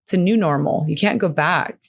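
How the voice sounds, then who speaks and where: A woman's voice: lowish voice, brisk, vocal fry. A woman guest on a podcast, speaking frankly and earnestly in casual conversation and often saying "you know.". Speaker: podcast guest, grief counselor.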